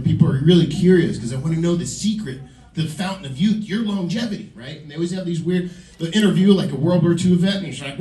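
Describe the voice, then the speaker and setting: A man in his forties performing stand-up on a club stage, rambling and self-deprecating as he banters with the crowd. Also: high-pitched. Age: 40s. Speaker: stand-up comedian. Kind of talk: stand-up comedy set. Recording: roomy club, from a distance.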